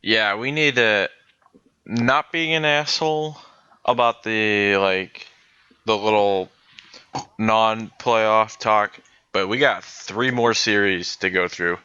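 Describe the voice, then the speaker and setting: A man's voice: on the low side, slow pace, bright, forceful tone, clear, resonant tone, no room sound. A man co-hosting a podcast, steering a casual hockey chat in a direct way. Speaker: podcast co-host. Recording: dry close lo-fi audio.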